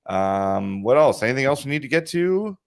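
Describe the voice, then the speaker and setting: A man's voice: mid-range voice, sing-song, normal speed, creaky. Chatty man rambling through podcast plugs. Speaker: podcast co-host. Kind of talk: casual podcast chat. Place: studio with video cameras.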